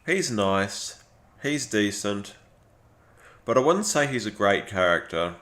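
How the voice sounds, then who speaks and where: A man's voice: lowish voice, big pitch swings, takes it slowly, long pauses, fairly bright tone. A man giving casual live-stream commentary, rambling with lots of fillers and restarts.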